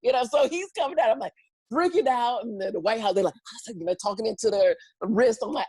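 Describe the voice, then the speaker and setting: A woman's voice: fairly high pitch, a little fast, slightly rough, no room sound. A middle-aged woman, an interview guest and comedian, telling stories animatedly, acting out voices and laughing often. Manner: lively, acts out voices and quotes, laughs often. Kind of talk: animated storytelling chat.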